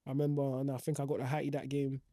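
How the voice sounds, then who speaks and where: Speaking rapid-fire in a completely flat, warm medium-pitched voice, a young footballer guest recounts his career casually, rambling with slang and fillers. The sound is clean studio audio with no echo.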